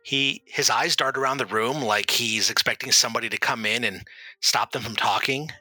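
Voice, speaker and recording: A man's voice: medium pitch, moderate pace, bright, forceful tone, husky, dry recording. A man describing his character's actions in a tabletop game, easygoing and plain. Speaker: player.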